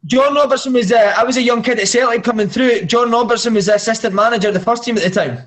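A man's voice: very high voice, quick pace, fairly bright tone. A man who plays football, chatting and teasing his friend in casual banter. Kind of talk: casual chat.

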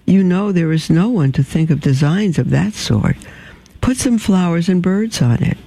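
A man's voice: sits high, animated, moderate pace, vocal fry, voice pushed up, full character voice. A man voicing a shy, sad servant. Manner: soft-spoken, sad. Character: shy, sad royal manservant.

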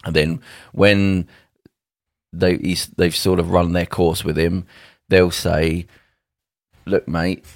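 Joining a podcast from home over a video call on a home mic, this co-host speaks slowly in a low, creaky, level voice. He rambles with emphasis and acts out quotes of what people might say, recorded dry at studio quality.

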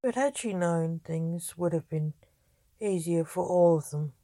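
A woman reading a period adventure story aloud in a plain, even manner. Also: lowish voice, measured pace, dry recording.

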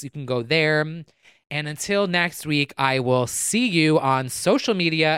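Podcast host, solo weekend rant, smooth clear voice, dry close mic. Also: mid-range voice, no echo. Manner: rambling, animated, full of "like" and acted-out quotes. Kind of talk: solo casual rant to listeners.

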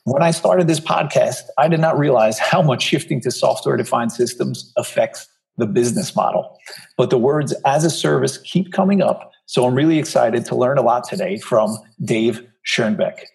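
A man's voice: medium pitch, normal speed, creaky, a little mellow, low-quality recording. A man hosting a podcast interview, reading a scripted introduction and then chatting with his guest in a friendly way. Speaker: podcast host. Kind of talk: conversational interview.

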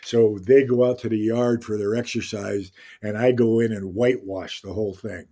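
An older man, a guest actor on an interview podcast, telling anecdotes in a casual, animated way and acting out the lines he quotes. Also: fairly low pitch, normal speed.

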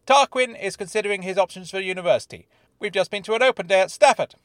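A man voicing an eager, chatty freelance reporter in an audiobook, talking in an animated, jovial and theatrical way. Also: high-pitched, fast, no echo, clean studio sound, pitched above the performer's own voice. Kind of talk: audiobook character voice.

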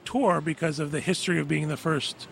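A man hosting a podcast in a relaxed, chatty way, steering the conversation between guests. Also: on the high side, fairly quick, creaky, a little hiss or hum. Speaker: podcast host. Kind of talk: casual chat.

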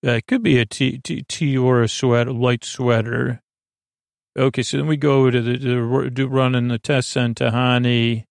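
A man recaps an episode for a sleep podcast in a low-key, unhurried way, often stopping to correct himself. His voice has a gravelly fry and stays level, with little rise or fall. The sound is dry and close. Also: level tone, no room sound. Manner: halting, many fillers and self-corrections.

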